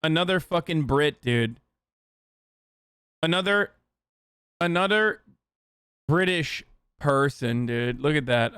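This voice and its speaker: A man's voice: on the high side, expressive, takes it slowly, long pauses, a bit bright, smooth, no room sound, clean studio sound. A man streaming reaction commentary, sarcastic and profane, talking animatedly to his chat.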